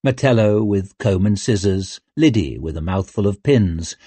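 A man narrating an audiobook in a measured, even storytelling manner. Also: on the low side, breathy edge, dry recording. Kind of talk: scripted narration.

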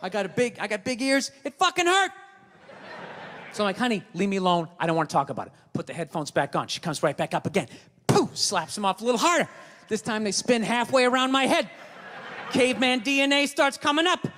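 A man's voice: very high voice, expressive, brisk, sharp tone, a little hiss or hum. A man doing a stand-up comedy set, ranting and swearing as he mocks and argues with the crowd. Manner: profane, ranting, mocking. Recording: stage mic in a reverberant hall with a live audience.

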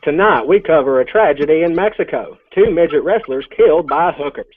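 A solemn, deliberate news anchor, as a man puts him on in jest. Each headline is announced slowly and gravely. The sound is thin and tinny, like a phone line. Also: fairly high pitch, expressive. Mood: mock solemn. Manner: slow, solemn announcer delivery.

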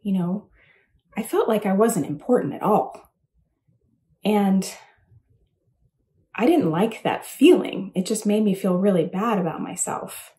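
A woman's voice: mid-range voice, expressive, measured pace, long pauses, mellow. A woman giving a casual, rambling commencement speech, self-deprecating and full of fillers. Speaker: commencement speaker. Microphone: home recording for a virtual address.

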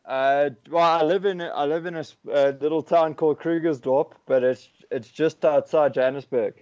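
A man's voice: fairly high pitch, steady tone, normal speed, darkish tone. Laid-back South African young man. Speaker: guest. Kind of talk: casual chat. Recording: dull remote call audio.

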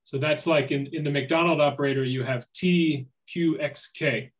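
A man's voice: fairly high pitch, steady tone, normal speed, rough recording. Man giving a hesitant academic lecture. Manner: thinks aloud, with frequent fillers and restarts. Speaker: seminar speaker.

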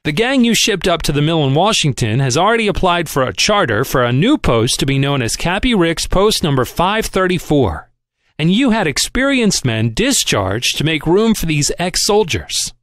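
A man's voice: a little high, sing-song, normal speed, a bit bright, no room sound, clean studio sound. A man voicing a stiff, humorless office manager who complains with cold dignity, in an audiobook reading. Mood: complaining.

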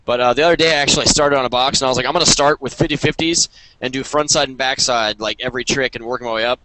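A man's voice: mid-range voice, fairly even intonation, rapid-fire, pushed and bright, no echo, rough recording. A man hosting a casual skateboarding podcast over a video call, rambling and talking over the others. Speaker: podcast host.

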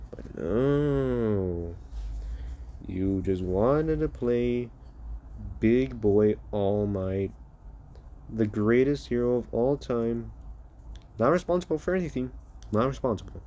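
A man's voice: medium pitch, dark tone, slight background noise. A man voicing a bitter, sarcastic teenage boy who mocks his father. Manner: sneering, sarcastic.

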